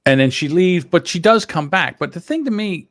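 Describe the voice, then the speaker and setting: A man's voice: high voice, lively intonation, moderate pace, fairly bright tone. A man hosting a podcast, giving blunt, rambling commentary in casual chat. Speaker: podcast host.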